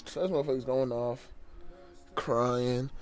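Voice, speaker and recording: A young man telling a rambling, profane story in casual slang, growing loud and animated when worked up. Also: medium pitch, unhurried, over music.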